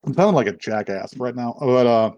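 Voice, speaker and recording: A man's voice: medium pitch, expressive, fairly quick, a little mellow, no echo. A young man hosting a casual podcast, recapping an anime in a rambling, profane way with lots of laughter. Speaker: podcast host.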